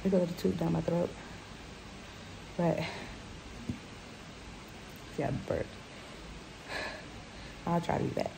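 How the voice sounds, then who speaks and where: A woman vlogging from a hospital room after surgery, out of breath with a sore throat, talking quietly and tiredly into her phone. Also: lowish voice, steady tone, slow, vocal fry, long pauses. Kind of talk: casual video diary. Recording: noisy background hiss.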